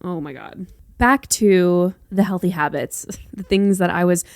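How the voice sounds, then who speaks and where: A woman's voice: fairly low pitch, a little slow, darkish tone, dry recording, studio quality. A young woman from North Carolina hosting a solo podcast in a chatty, rambling way, with playful sassy asides. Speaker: podcast host. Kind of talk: casual solo podcast chat.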